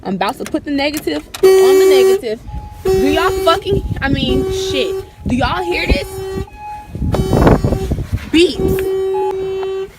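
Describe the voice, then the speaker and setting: A woman's voice: extremely high pitch, expressive, slow pace, long pauses, loud music behind the voice. A young woman talking casually to her phone camera in a chatty, slangy, rambling way, partly outdoors by a parked car. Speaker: vlogger. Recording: loud street noise outdoors.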